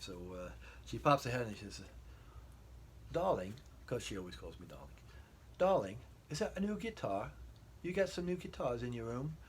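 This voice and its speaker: A man's voice: lowish voice, a little hiss or hum. A middle-aged man chatting casually as a guitar vlogger, rambling with lots of fillers. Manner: rambling, hesitant with many fillers. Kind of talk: casual storytelling. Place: bedroom.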